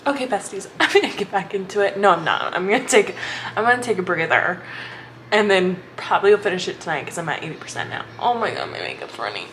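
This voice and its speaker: A woman's voice: mid-range voice, lively intonation, fast talker, a bit bright, slight background noise, poor audio. Gushing young woman rambling about a book. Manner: gushing, rambling, many "like" fillers. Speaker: book vlogger. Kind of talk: casual reading vlog chat.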